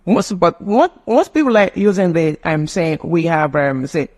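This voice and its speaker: A man's voice: a little high, unhurried. A man teaching a live online phonetics class, often asking rhetorical questions. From Nigeria. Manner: animated, mimics children's voices, asks rhetorical questions.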